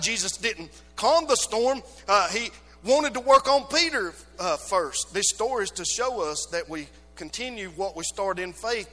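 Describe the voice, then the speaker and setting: A man preaching a sermon as pastor, swinging from loud exhortation to sudden quiet. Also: high voice, in a large hall. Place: church sanctuary.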